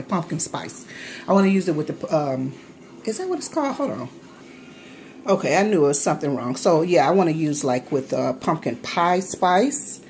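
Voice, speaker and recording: A woman's voice: low-pitched, a little mellow, a little hiss or hum. A woman vlogger chatting casually to the camera while taste-testing her baking, rambling with many fillers. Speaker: vlogger, home baker.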